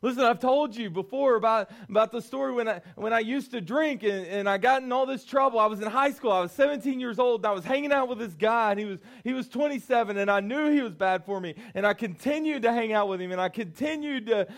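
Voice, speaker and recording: Casual male pastor, 30s, high voice, jokey storytelling sermon. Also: fast talker, creaky, few pauses. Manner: casual and joking, acts out quotes.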